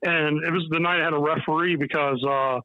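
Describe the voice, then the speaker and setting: A man's voice: fairly high pitch, a little fast, no room sound, phone-quality sound. A man telling old wrestling stories in casual chat, acting out quotes and laughing. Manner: animated, acts out quotes with laughter. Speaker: retired wrestler, podcast guest.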